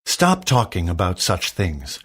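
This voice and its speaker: A man's voice: deep voice, huge pitch swings, measured pace, fairly bright tone, breathy edge, heavily acted. A man voicing a proud boy king in rags who speaks in a haughty, indignant way while reading a storybook aloud.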